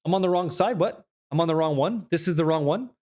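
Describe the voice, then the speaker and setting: A young man streaming a game, chatting casually with viewers, reading patch notes aloud and swearing freely when excited. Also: fairly high pitch, fast talker. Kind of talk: casual live-stream chat.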